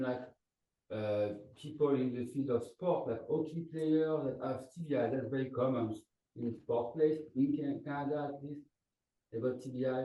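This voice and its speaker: A man's voice: mid-range voice, warm tone, reverberant, recorded from a distance, low-quality recording. A man with a French accent speaking hesitantly on a panel, searching for words. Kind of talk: panel discussion.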